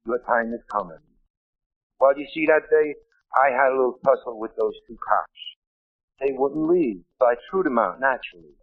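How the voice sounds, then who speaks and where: A man's voice: mid-range voice, moderate pace. A man from Brooklyn, telling his story as a speaker at a meeting in a blunt, wisecracking way. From Brooklyn, New York. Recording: tinny lo-fi 1970s tape, dry.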